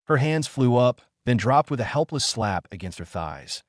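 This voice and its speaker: A man narrating a fantasy story in a steady, even storytelling manner. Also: mid-range voice, normal speed, hardly any pauses, no echo, clean studio sound. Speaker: audiobook narrator.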